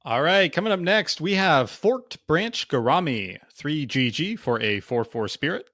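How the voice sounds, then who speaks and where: A man's voice: on the high side, sing-song, measured pace, hardly any pauses, a bit bright. A man co-hosting a casual card game review podcast, thinking aloud with lots of fillers. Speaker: podcast co-host.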